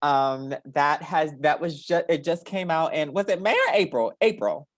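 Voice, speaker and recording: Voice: medium pitch, moderate pace, no room sound, clean studio sound. A host introducing poets at an online reading, chatty and affectionate, with frequent ums and laughs. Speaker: event host. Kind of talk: casual chat.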